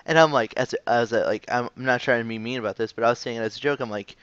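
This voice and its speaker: A man hosting a casual online interview, excitable and gushing, laughing often. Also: medium pitch, brisk, hardly any pauses, clean tone, no echo, lo-fi sound. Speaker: interview host.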